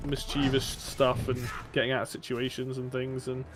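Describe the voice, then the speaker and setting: A man's voice: medium pitch, little pitch movement, moderate pace, music in the background. A man streaming a game and chatting casually, rambling with enthusiasm and casual swearing. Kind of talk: casual chat while gaming.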